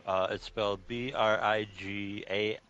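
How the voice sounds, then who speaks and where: A man's voice: on the low side, steady tone, fairly bright tone, smooth. A man hosting a podcast segment, calling out games and collecting everyone's scores. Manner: brisk, moves the segment along. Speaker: host running the scoring. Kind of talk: casual podcast banter. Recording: dull lo-fi mic with faint music.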